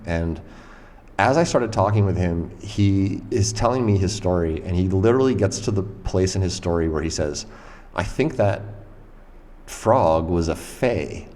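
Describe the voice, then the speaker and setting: Podcast host, male, very low voice, animated storyteller who swears casually; long reverb room sound.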